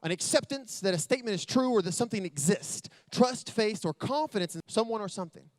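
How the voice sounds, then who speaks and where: A man giving an energetic motivational speech, telling stories and talking straight to the audience. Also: high voice, fast, dry recording. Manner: energetic, storytelling, talks directly to the audience. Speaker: motivational speaker. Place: hotel event hall with live audience.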